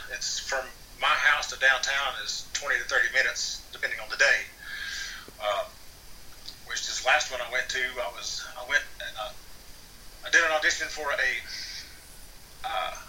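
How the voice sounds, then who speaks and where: A man's voice: medium pitch, pushed and bright, distant mic, a little hiss or hum, poor audio. A man, an actor guest, telling a casual, rambling story that circles back and repeats words as he restarts sentences. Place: home near Atlanta.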